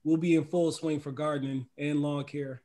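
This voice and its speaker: Hosting a casual livestream chat, a middle-aged man from the United States speaks in a high, bright voice with little pitch movement at a moderate pace. He frequently laughs and reads out viewer comments along the way.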